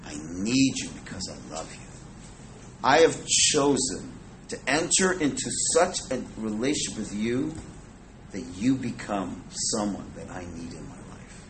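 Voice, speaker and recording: A man's voice: lowish voice, sing-song, a little slow, a little hiss or hum, low-quality recording. A man teaching an informal Torah class to a live audience, chatty and joking, dropping Hebrew and Yiddish words. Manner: conversational, jokes with the audience, Hebrew and Yiddish terms.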